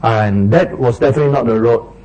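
A man's voice: mid-range voice, a little fast, mellow, lo-fi sound. A man, preaching a sermon and acting out little street quarrels in raised voices.

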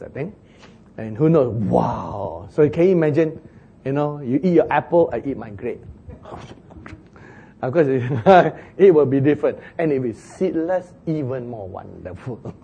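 Husky, lively-voiced male preacher. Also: medium pitch. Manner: animated preaching with chuckles and dramatic quotes. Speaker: pastor. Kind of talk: sermon.

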